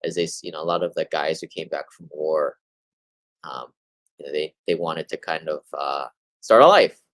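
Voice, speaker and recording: Hosting his monthly real estate market update, a man talks loosely through article summaries, rambling a bit with fillers and restarts. He has a rumbling low voice that's a bit bright and moves at a moderate pace, on a dry, low-quality recording.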